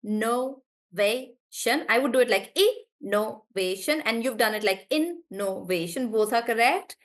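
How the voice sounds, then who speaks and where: A woman teaching a live online English class, warmly praising students and slowly drawing out words as she models how they sound. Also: a little high, steady tone. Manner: encouraging, drawn-out words when modelling pronunciation.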